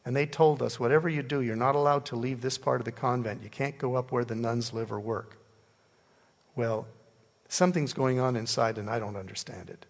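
Older male preacher, gravelly, animated storytelling, long church reverb. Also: mid-range voice, fairly quick. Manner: animated, jumps between hushed and loud. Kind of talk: storytelling sermon. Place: church hall.

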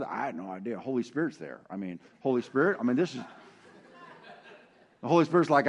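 A middle-aged man preaching a sermon with animated swings from loud emphasis to hushed, intimate tones. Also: medium pitch, a little fast, pauses often, slightly rough. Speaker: pastor.

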